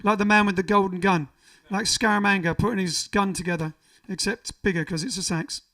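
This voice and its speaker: A high-pitched man talks a little fast, his pushed, bright voice keeping a fairly even intonation. He is the frontman hosting a band livestream from a living room, casually reading viewer comments and rambling between songs, recorded a little far from the mic over faint music.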